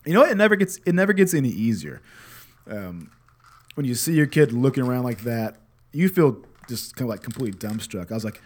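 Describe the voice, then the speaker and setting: A man's voice: mid-range voice, big pitch swings, brisk. A man in his thirties, a father and podcast host, telling a casual story in a candid, swearing, self-deprecating way that turns reflective.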